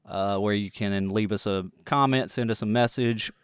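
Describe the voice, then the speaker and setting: A man's voice: lowish voice, fairly even intonation, normal speed, smooth, no room sound, clean studio sound. Man hosting in a Texas drawl. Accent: East Texas. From East Texas. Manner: folksy, plays up a Texas drawl. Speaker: podcast host. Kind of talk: casual podcast chat.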